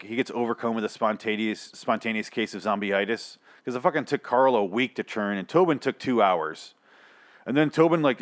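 A man giving a casual, ranting recap of a television episode, sarcastic and full of swearing and fillers. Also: fairly low pitch. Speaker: show recap commentator. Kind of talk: casual profane recap monologue.

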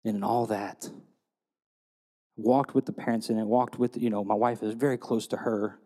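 A man preaching a sermon, telling stories and retelling scripture in a lively storytelling way. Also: on the low side, moderate pace, big-room sound. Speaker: pastor.

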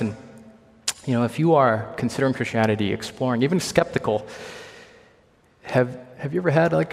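A young man from Hong Kong preaching a sermon, earnest, asking rhetorical questions and moving between loud emphasis and quiet intensity. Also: medium pitch. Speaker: pastor. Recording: long hall reverb.

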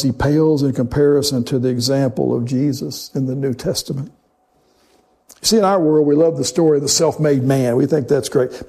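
A male preacher delivering a sermon, measured and emphatic, slowing into dramatic pauses on key phrases. His voice sits a touch high for a man, with a mellow, warm color and a slightly husky edge.

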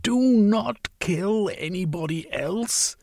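A man's voice: fairly high pitch, sing-song, unhurried, a little mellow, husky, pitched above the performer's own voice, heavily acted. A man voicing an indignant, wry rebel man. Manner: urgent, indignant pleading. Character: principled man, exasperated and wry.

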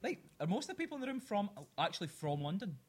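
A man's voice: high-pitched, sing-song, quick pace. A man co-hosting a podcast live before an audience, running a quiz segment with lots of self-deprecating laughter and filler words. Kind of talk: casual live podcast chat.

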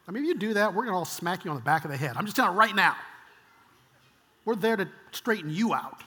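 An older male pastor delivers a sermon in a high, bright voice. He talks conversationally and acts out quoted lines, sometimes dropping to a hushed whisper. The sound carries the long reverb of a church hall. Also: animated, quick pace.

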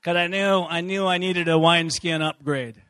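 A man preaching a sermon, telling a story in an animated way with frequent laughter and sudden shouted outbursts. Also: fairly high pitch, normal speed, smooth, dry recording, studio quality. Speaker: pastor.

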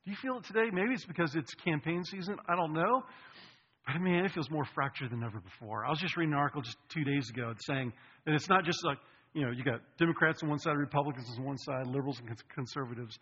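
A man's voice: a little high, fast, a bit bright, husky. A man preaching a sermon to a congregation, conversational, with jokey asides to the listeners. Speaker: pastor. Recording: muffled hall recording with long reverb.

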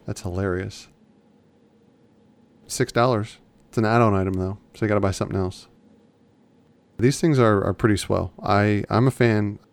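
A man's voice: on the low side, fairly even intonation, moderate pace, gravelly, pauses often, smooth. A man co-hosting a podcast in casual chat, rambling and often restarting his sentences. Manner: chatty, rambling, self-correcting. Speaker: podcast co-host.

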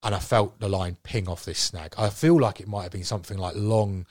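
Man, angler guest, casual storytelling, animated, husky, dry close sound. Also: deep voice, a little fast, no echo.

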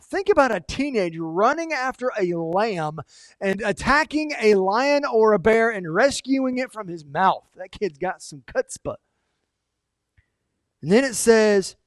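A pastor delivers a sermon with lively, dramatic storytelling. His voice sits high for a man. The recording is dry and close, with no room echo. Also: measured pace. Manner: animated and emphatic, dramatic storytelling.

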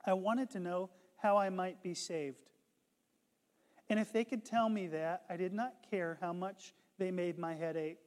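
A man preaching a sermon, retelling a conversion story and building to impassioned shouts. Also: high-pitched, fairly even intonation, measured pace, big-room sound. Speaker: pastor.

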